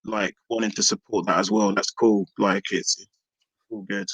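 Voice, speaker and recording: A man's voice: lowish voice, little pitch movement, moderate pace, fairly bright tone, husky, no echo. A man, a hip hop artist talking casually in a podcast interview, rambling with many restarts and fillers.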